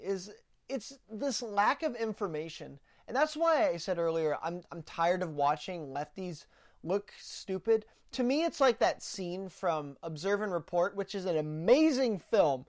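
A woman's voice: medium pitch, very animated, measured pace. A woman hosting a political podcast, ranting in opinionated commentary and often stumbling over repeated words as she starts sentences. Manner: ranting, mocks opponents in sarcastic put-on quotes. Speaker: podcast host.

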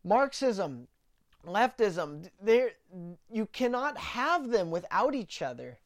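In a medium-pitched, sing-song voice at a slow pace, a woman rants on her political podcast. Her commentary is opinionated, she mocks opponents in sarcastic put-on quotes, and she often trips over repeated words as she starts sentences.

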